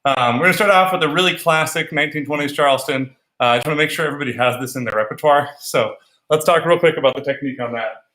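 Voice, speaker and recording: A man's voice: on the high side, fast talker, sharp tone, recorded from a distance. A man teaching a solo swing dance class, talking through steps and counting beats aloud in rhythm. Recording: echoey room, voice from off-mic.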